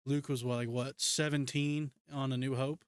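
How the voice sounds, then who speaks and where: A man's voice: mid-range voice, flat delivery, moderate pace, clean tone, no echo. A male podcast co-host in casual chat, musing hesitantly and thinking aloud. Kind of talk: casual book-review chat.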